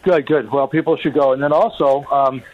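A man's voice: medium pitch, fairly even intonation, moderate pace, crowd noise. A chatty man in his sixties rambles on while calling in to a radio show and chuckles now and then. His voice sits in a middle register. It sounds dull and muffled, as if over a phone line. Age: 60s. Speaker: caller.

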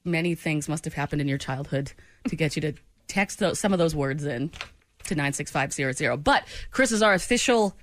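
A woman's voice: sits low, lively intonation, brisk. A woman hosting a morning radio show, bantering playfully and teasing her co-hosts. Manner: playful, teasing, laughs often. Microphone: studio microphone.

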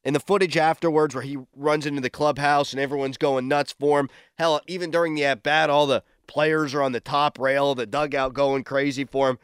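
Excitable sports radio host, man. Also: on the high side, fairly quick, few pauses, smooth, no room sound, clean studio sound. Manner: excitable, shouts in disbelief. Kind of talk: morning sports talk radio.

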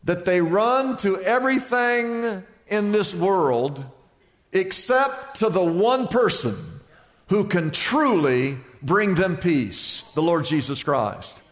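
A man preaching a sermon as pastor, building lists to shouted peaks. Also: sits high, expressive, slow pace. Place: large church sanctuary. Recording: church hall reverb.

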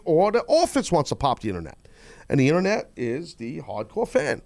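A man hosts a podcast in casual chat, blunt and gruff, rambling through his points. His voice sits fairly high for a man. The sound is dry, with little room echo. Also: big pitch swings, a little fast, a little mellow. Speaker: podcast host.

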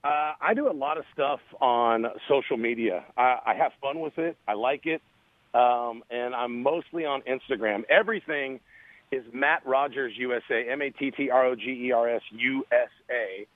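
Male phone-in guest, earnest and animated, tinny and dry. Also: medium pitch, normal speed, dry recording. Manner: earnest, animated storyteller, repeats phrases. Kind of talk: radio interview, storytelling.

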